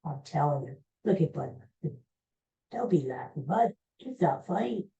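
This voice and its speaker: Woman podcast host, rambling and jokey, low-ish dark voice, slightly muffled recording. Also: big pitch swings, unhurried, vocal fry. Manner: rambling, jokey, teasing the studio crew. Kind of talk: casual chat.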